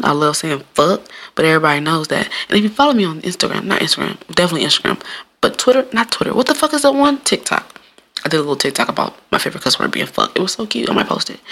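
A young adult woman hosting a casual solo podcast, blunt and animated, with frequent cursing and laughing asides. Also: sits low, gravelly, breathy edge. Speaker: podcast host.

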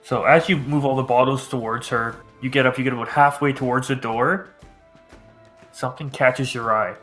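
A man's voice: medium pitch, steady tone, normal speed, fairly bright tone, soft background music. A man narrating a tabletop game as its game master, telling the scene loosely. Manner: loose, storytelling narration with chanted crowd voices.

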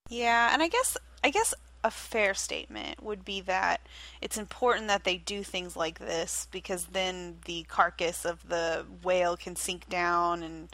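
Bright-voiced Southern US woman, chatty. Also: lowish voice, measured pace, poor audio. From Southern United States. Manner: curious, chatty, playful. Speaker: podcast co-host. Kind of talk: casual chat.

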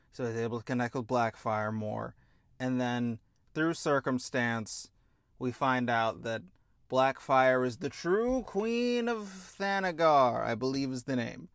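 A man delivers an exasperated, sarcastic rant packed with swearing. He talks slowly and leans on his words. The sound is close and dry, with no room echo. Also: mid-range voice. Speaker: show host. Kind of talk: ranting TV review.

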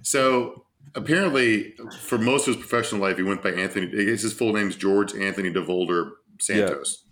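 A man with a fairly low voice chats loosely on a podcast, dry and sardonic, throwing in curses and chuckles. His delivery is relaxed and rambling, full of restarts. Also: a little fast. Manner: sardonic, profane, laughs while talking. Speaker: podcast co-host. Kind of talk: casual political chat.

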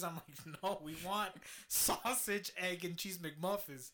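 A man with a bright, somewhat high voice tells a story in relaxed conversation. He swears freely and laughs as he talks. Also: a little slow. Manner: swears freely, laughs while telling stories. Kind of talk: casual storytelling chat.

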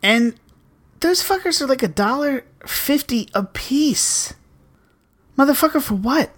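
A woman's voice: sits high, expressive, unhurried. A woman co-hosting a podcast in casual chat, complaining and swearing with sarcastic humor. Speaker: podcast co-host.

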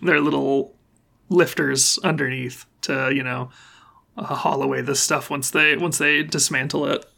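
Gravelly-voiced game master, easygoing and filler-heavy narration. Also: mid-range voice, a little slow. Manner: relaxed, rambling with many fillers.

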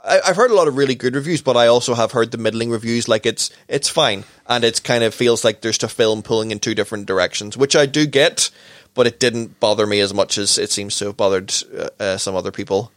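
A man giving a casual film review, halting and hesitant in delivery. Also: mid-range voice, a bit bright, dry recording, studio quality. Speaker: podcast co-host, film reviewer.

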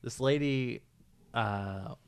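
A man's voice: medium pitch, extremely slow, clear, resonant tone, dry recording. A man in casual chat, blunt and profane, given to ranting.

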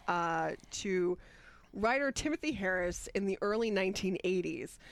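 Female podcast co-host, casual, quick with jokes, sharing trivia. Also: medium pitch, no echo. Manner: quick-witted, reads film trivia. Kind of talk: casual chat.

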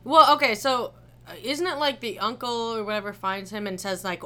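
Bright-voiced chatty young woman. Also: a little high, moderate pace. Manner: chatty, jumps in with jokes and quoted asides. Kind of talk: casual chat.

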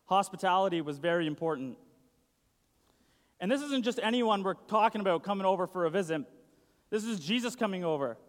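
A young man giving a casual sermon, chatty and full of "like". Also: high-pitched. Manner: chatty, uses "like" a lot. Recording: long hall reverb.

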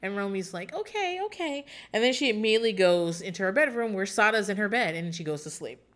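A woman's voice: medium pitch, fast. A woman in casual talk, rambling and swearing freely as she recaps a show, with frequent laughs and filler words. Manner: profane, rambling, chatty, often laughing.

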